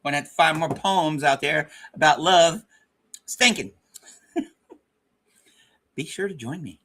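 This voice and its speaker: A man's voice: a little high, slow pace, a bit bright. A man hosting a casual livestream, rambling and joking at his own expense with frequent stammered restarts. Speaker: livestream host.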